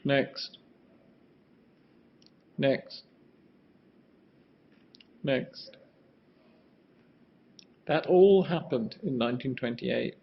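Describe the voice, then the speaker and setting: A man's voice: medium pitch, lively intonation, drawn-out words, creaky, long pauses. An older man giving a rambling, musing lecture on architecture, often restarting his sentences and asking for the next slide. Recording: muffled lo-fi sound.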